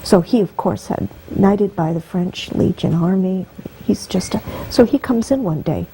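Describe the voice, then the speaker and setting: A woman's voice: medium pitch, moderate pace, warm tone, slight background noise, poor audio. A woman guest telling an emotional personal story, her voice rising and catching with feeling. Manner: heartfelt, voice rising and breaking with emotion.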